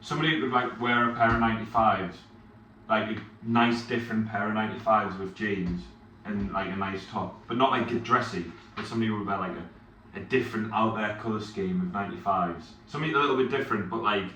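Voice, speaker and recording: A young man talks casually on a podcast, rambling and searching for his words. His voice is bright and a little low, and it sits away from the mic in a roomy space with a faint hiss behind it. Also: fast talker, recorded from a distance. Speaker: podcast co-host. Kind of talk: casual chat.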